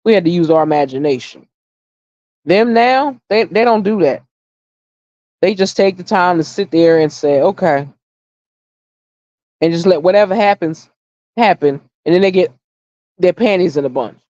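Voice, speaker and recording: A woman's voice: fairly low pitch, moderate pace, pauses often, warm tone, no echo, dull audio. A middle-aged woman hosting a casual livestream chat, blunt and opinionated, swearing freely and repeating her points for emphasis as she tells stories. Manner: storytelling, emphatic repetition. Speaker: livestream host.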